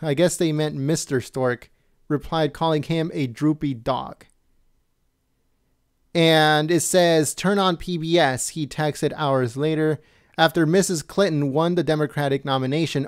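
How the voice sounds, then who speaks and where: A man reading news items aloud slowly and adding his own commentary, stumbling and correcting himself and asking viewers questions. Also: on the high side, steady tone, smooth, no echo, clean studio sound. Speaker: political commentary host.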